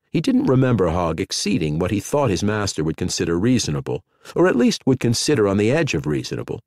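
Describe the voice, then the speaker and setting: Scripted audiobook narration comes from a man with a lowish voice who tells the story with plenty of expression. The recording is dry and of studio quality.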